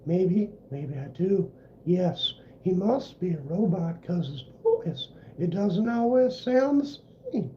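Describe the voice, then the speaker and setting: A man doing a teasing, deadpan ventriloquist voice that plays a second commenter talking about him. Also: high-pitched, takes it slowly, dull audio, slight background noise, pitched above the performer's own voice.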